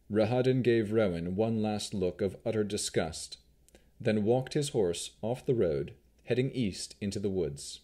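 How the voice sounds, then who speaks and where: A man giving scripted audiobook narration with expressive, unhurried storytelling. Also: on the low side.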